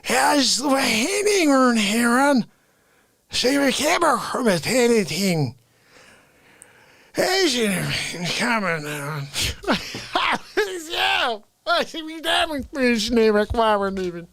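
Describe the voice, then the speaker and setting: A man's voice: very high voice, very animated, drawn-out words, vocal fry, long pauses, a bit bright, no echo. A man hosting a live comedy stream, talking in an exasperated, complaining way. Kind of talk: casual live-stream chat.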